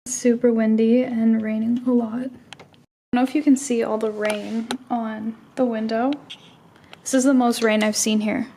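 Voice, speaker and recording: A young woman with a Canadian accent tells a story in a loose, chatty way, dropping "like" often. Her voice sits a little high. She talks casually to her camera from indoors at home. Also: a little slow, creaky, slight background noise. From Canada, Toronto. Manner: chatty, animated storytelling, many "like" fillers. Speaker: vlogger.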